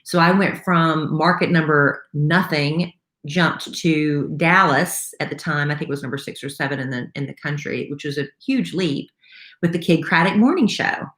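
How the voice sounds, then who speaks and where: A woman's voice: deep voice, moderate pace, a bit bright. A woman, a radio host telling her story in a chatty way with lots of fillers. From South Carolina, USA. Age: 50s. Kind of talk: casual chat on a live stream. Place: home room. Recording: roomy echo in a home room.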